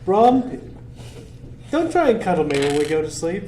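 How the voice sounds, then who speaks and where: A man at a tabletop game talking in a slow, deliberate way. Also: high voice, big pitch swings, warm tone. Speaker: player. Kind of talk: casual chat. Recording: echoey room with faint noise.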